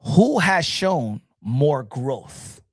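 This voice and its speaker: Animated husky man talking boxing. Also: medium pitch, drawn-out words, no room sound, clean studio sound. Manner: animated, repeats himself, addresses folks in the chat. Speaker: boxing show host. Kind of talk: casual boxing commentary.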